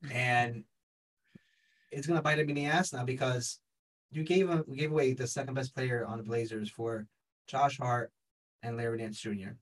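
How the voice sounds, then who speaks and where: A man's voice: mid-range voice, steady tone, moderate pace, far from the mic, rough recording. A man co-hosting a casual sports talk, making emphatic, insistent points.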